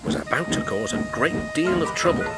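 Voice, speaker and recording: A man narrating a children's story in a lively, expressive storytelling manner. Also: on the high side, normal speed. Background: music score.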